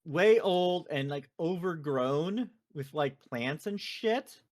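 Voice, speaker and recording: A woman's voice: sits low, animated, slow pace, a little mellow, no room sound, clean studio sound. A woman co-hosting a podcast, retelling a game in casual chat, swearing freely and acting out quoted lines. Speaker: podcast co-host.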